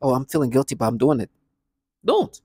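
A man's voice: mid-range voice, fairly even intonation, racing, dark tone, breathy edge, no room sound, clean studio sound. A man ranting in a vlog monologue, agitated and scornful, repeating himself often. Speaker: vlogger.

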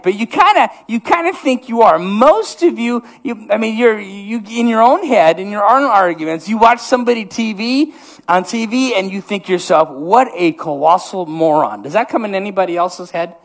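A man with an Upper Midwest American accent preaching a comedic sermon, self-mocking and rambling with many restarts. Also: sits high. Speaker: pastor. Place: church sanctuary.

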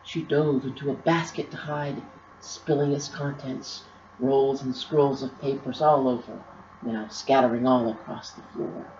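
A woman, the author, reading her own storybook aloud with expressive, drawn-out emphasis. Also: extremely low pitch, a little hiss or hum. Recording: roomy, slightly dull recording.

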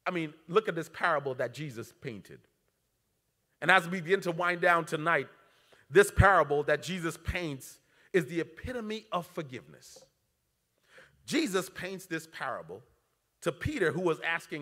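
A high, bright-voiced man preaching from the pulpit, swinging from forceful cries down to quiet, earnest asides. His sermon rings through a large church with a long, trailing reverb. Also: animated, moderate pace, pauses often. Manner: preaching with dramatic swings in pitch and loudness. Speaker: pastor. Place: church sanctuary.

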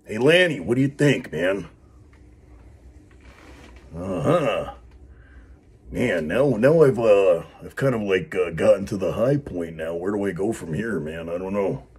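A man's voice: sits low, slow pace, long pauses, a little mellow, husky. A man hosting a wrestling vlog, talking in a loose, rambling way with lots of fillers. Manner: rambling, filler-heavy, laid-back. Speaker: wrestling show host. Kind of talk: casual vlog.

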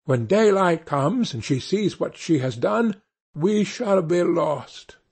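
A man's voice: high voice, animated, slow pace, darkish tone, breathy edge, exaggerated voice. A man reading a fairy tale, voicing a frightened young maiden who urges her sweetheart to flee. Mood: urgent.

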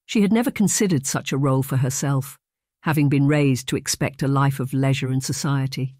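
An audiobook narrator reading a period romance in a measured, even way. The voice sits at a middling pitch. The recording is dry and close. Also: no echo. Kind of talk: scripted narration.

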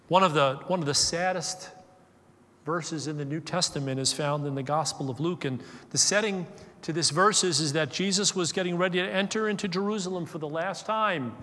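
A man preaching a sermon, moving from loud, emphatic stresses to soft, hushed passages. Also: on the high side, long reverb tail. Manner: slow deliberate stresses on key words. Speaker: pastor. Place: church.

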